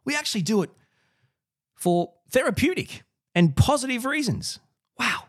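A man hosting his own commentary video, speaking straight to the viewer in an animated, sarcastic way and often repeating words as he goes. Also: very high-pitched, normal speed. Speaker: podcast and video host. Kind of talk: direct-to-camera commentary.

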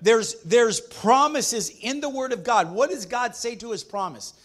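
A man's voice: extremely high pitch, animated, measured pace, fairly bright tone. A man preaching a sermon as pastor, emphatic, calling for responses from the congregation.

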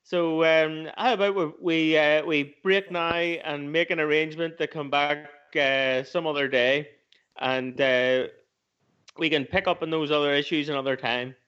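A polite man speaks in a measured way, pausing on fillers as he makes suggestions. His voice sits a little above average pitch. The recording is dull and lo-fi. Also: steady tone, a bit bright, clear, resonant tone. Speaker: podcast co-host, guest. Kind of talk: casual chat.

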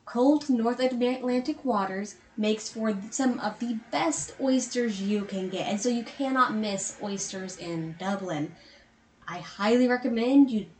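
Pregnant woman, travel co-host, fairly high voice, echoey room. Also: measured pace, darkish tone, a little hiss or hum. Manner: finishes partner's sentences, gives tips. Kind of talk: casual travel tips. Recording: roomy echo.

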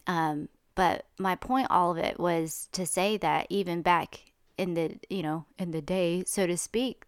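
Woman, rambling casual monologue, heated and chatty, lowish voice, dry close sound. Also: steady tone, unhurried, clean tone, dry recording.

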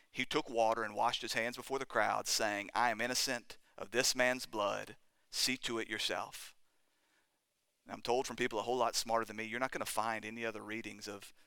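A man preaching a sermon as pastor, with impassioned delivery that rises to loud cries at the climaxes. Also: lowish voice, gravelly, clear, resonant tone, dry recording.

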